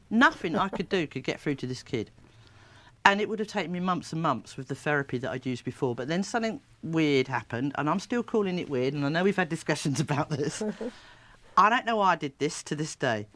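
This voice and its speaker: A woman, a therapist, telling stories in an interview with a lively, laughing manner. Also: low-pitched, fairly quick. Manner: lively, animated storyteller who laughs often. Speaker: therapist and child coach. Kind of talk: storytelling interview.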